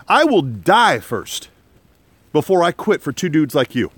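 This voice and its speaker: A man recording a vlog on his phone at arm's length, outdoors in the woods. His slightly high voice swings widely in pitch as he tells his story with emphatic energy, and the sound is dry and close with no room echo. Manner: animated, emphatic storytelling with shouted quotes. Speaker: vlogger. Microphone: phone held at arm's length for a selfie.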